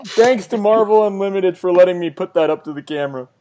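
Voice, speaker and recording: A man's voice: high-pitched, quick pace, mellow, slight background noise. A man co-hosting a casual comic book podcast, chiming in with wry remarks. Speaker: podcast co-host. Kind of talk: casual chat.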